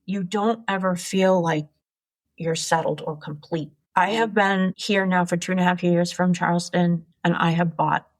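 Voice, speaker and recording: Lady in her 60s, guest on a business podcast, blunt and chatty, swears a bit, lowish voice. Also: moderate pace. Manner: frank, animated, swears casually. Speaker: guest, entrepreneur. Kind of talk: candid interview storytelling.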